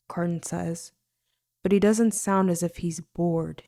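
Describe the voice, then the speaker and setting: A woman's voice: lowish voice, fairly even intonation, a little slow, mellow. Woman narrating a fantasy audiobook. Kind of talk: first-person fantasy novel reading.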